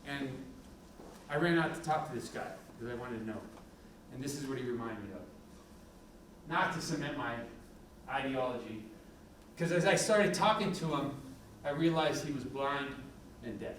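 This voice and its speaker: A man's voice: mid-range voice, normal speed, slight background noise. Middle-aged man telling stories in a hall. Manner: candid, animated anecdotal storytelling. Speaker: police chief. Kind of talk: public talk with war stories. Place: university event hall. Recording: echoey hall from a distant mic.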